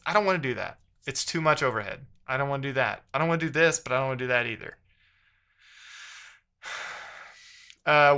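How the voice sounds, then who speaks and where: A man's voice: medium pitch, bright, forceful tone. A man live-streaming while he codes, talking casually and reading the chat aloud in a frustrated, muttering way.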